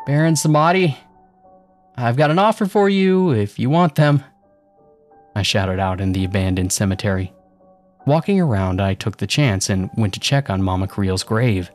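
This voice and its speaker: A man's voice: lowish voice, darkish tone. A man narrating a first-person horror story with a casual, sarcastic tone.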